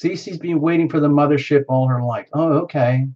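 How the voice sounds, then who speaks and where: A man's voice: fairly high pitch, normal speed, mellow. Live-stream host, man, rambling and teasing, muffled lo-fi sound. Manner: rambling, playful and teasing, with many fillers and restarts. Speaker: tarot reader hosting a live stream. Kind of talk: casual live-stream chat answering viewer comments.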